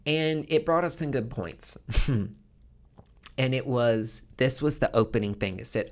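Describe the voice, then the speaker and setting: A man's voice: mid-range voice, unhurried. A man hosting a podcast, talking in a frank, casual monologue and swearing freely. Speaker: podcast host.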